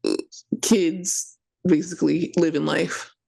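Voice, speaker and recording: A woman co-hosts a casual gossip podcast in a gravelly, husky voice. She gives fast, opinionated takes full of asides and blunt swearing. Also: sits low, fairly even intonation, dark tone. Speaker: podcast co-host.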